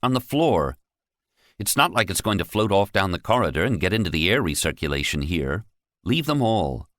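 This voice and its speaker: A man's voice: low-pitched, big pitch swings, moderate pace, a bit bright, dry recording, clean studio sound. A narrator voicing a jittery young man. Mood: impatient. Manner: urgent, reasoning. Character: nervous young man, jittery but determined. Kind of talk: audiobook character voice.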